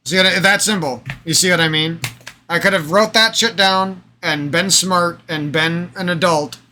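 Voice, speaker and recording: Hoarse guy ranting to his camera, swears constantly, kinda high bright voice, faint hiss underneath. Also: normal speed. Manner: profane, emphatic, repetitive, rambling. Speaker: vlogger. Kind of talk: unscripted ranting vlog monologue.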